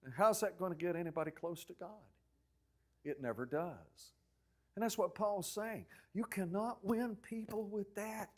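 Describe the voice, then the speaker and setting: A man preaching a sermon as pastor, telling stories with acted-out quotes and swinging from loud outbursts to near-whispers. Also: sits high, measured pace. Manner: animated storytelling preacher, acting out quotes loudly then dropping to a hush.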